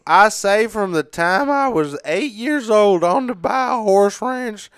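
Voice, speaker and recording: A man voicing a drawling rural ranch owner in a put-on Southern US accent, slowed and pitched up. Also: expressive, a bit bright, smooth, dry recording, clean studio sound, full character voice. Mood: mock earnest. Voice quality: slow exaggerated drawl.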